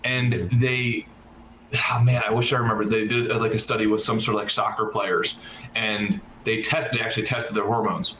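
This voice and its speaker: Low, hesitant man in an echoey room. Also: little pitch movement, moderate pace, fairly bright tone, a little hiss or hum. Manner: hesitant, fills with "like" and "um", short affirmations. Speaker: podcast co-host. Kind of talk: casual chat.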